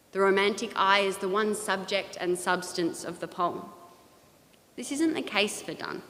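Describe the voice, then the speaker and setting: A woman giving a measured, thoughtful talk on poetry in a large church. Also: medium pitch, fairly bright tone. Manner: measured, thoughtful, with occasional restarts. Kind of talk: reflective lecture in a church. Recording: long reverb of a large hall.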